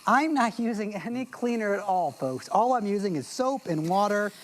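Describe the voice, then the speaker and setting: A man's voice: animated, moderate pace. A man presenting a cleaning gadget live on a TV shopping channel, chatty and joking as he demonstrates. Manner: chatty, upbeat pitchman with jokes. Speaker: product presenter. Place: TV shopping studio.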